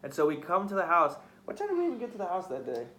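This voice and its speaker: A man's voice: sits high, huge pitch swings, racing, pushed and bright, slight background noise. A young man hosting a podcast, telling a story in casual, profane, heated chat. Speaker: podcast host.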